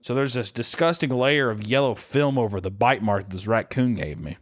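A drunk man telling a comic podcast story in a rambling, profane way, now and then breaking into shrill screams for a bit. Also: moderate pace. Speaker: podcast co-host. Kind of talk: comedic storytelling.

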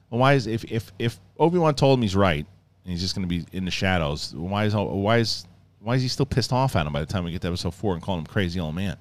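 Rambling male reviewer, low voice. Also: fairly quick, no echo. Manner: rambling, acts out scenes in mock voices. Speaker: show reviewer. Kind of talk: casual review commentary.

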